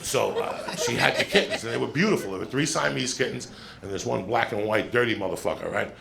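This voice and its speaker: Crowd noise surrounds this gravelly-voiced comedian as he spins a long, blunt, foul-mouthed story onstage, talking fairly quickly at a medium pitch. It's a played clip with constant background noise.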